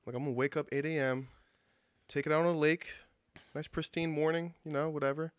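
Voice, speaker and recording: A man's voice: on the high side, fairly even intonation, a little fast, clean tone, no room sound, clean studio sound. A young man in casual podcast chat, telling stories in a laid-back way with lots of fillers and the odd swear word. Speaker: podcast guest.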